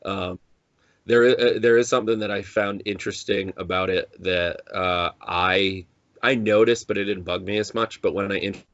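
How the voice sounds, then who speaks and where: A man's voice: sits low, fairly even intonation, moderate pace, fairly bright tone, no echo, highs cut off. A man co-hosting a podcast in casual chat, rambling with many restarts and acting out quotes. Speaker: podcast co-host.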